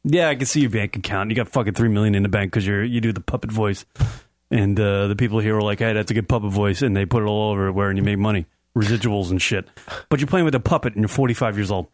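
A man's voice: lowish voice, fast talker, darkish tone, no room sound. Brash young male co-host, crude rambling rants, dry close sound. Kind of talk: casual crude comedy banter.

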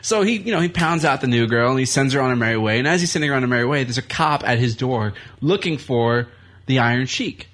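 A man in a radio studio tells loose, rambling stories full of swearing and restarts. His voice sits at an ordinary middle pitch, and he sounds animated and chatty as he talks. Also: fast talker. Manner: profane, rambling, animated anecdotes. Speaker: guest comedian and wrestler. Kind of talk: casual storytelling on a talk radio show.

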